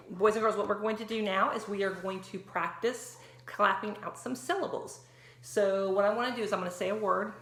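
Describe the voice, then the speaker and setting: A woman teacher giving a reading lesson to young children, spelling words out slowly and clearly. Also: medium pitch, fairly bright tone, roomy sound, a little hiss or hum. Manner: slow, clear spelling out of letters for young learners.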